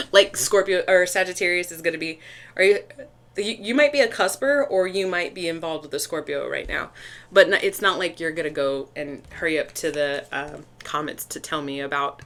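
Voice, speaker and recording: Chatty, excitable woman reading tarot. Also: sits low, normal speed. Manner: chatty, excitable, with many restarts and fillers. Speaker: tarot reader. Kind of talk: casual tarot reading to camera.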